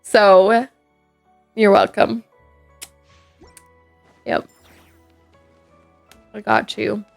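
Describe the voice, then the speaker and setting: A woman's voice: medium pitch, steady tone, drawn-out words, gravelly, long pauses. A woman streamer, chatting playfully with her viewers, teasing and laughing a lot. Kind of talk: casual live-stream chat while gaming. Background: faint game music.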